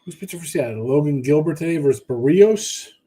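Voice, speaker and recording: A man with a fairly high, mellow voice speaks briskly and with animation as he hosts a sports betting podcast. Though tired and yawning after a short night, he rambles offhandedly, reads viewer comments, and addresses chatters by name.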